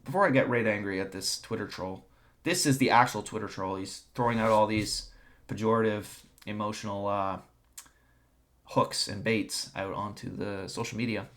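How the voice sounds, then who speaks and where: A man's voice: on the low side, normal speed, a bit bright. A young man talking to camera in an opinionated monologue, with a ranting, sarcastic and contemptuous tone. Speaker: online commentator.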